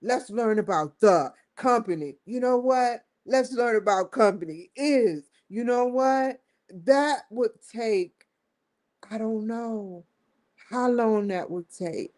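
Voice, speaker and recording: A woman's voice: on the high side, slow, darkish tone. A woman hosting a casual vlog, talking straight to her viewers in a chatty way and often breaking into laughter. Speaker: vlogger and show host. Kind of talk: casual vlog talk to camera.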